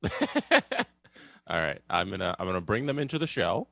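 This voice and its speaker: A man's voice: low-pitched, wildly swooping pitch, a little slow, vocal fry, bright, forceful tone, no room sound. A man co-hosting a podcast in casual chat, upbeat and teasing.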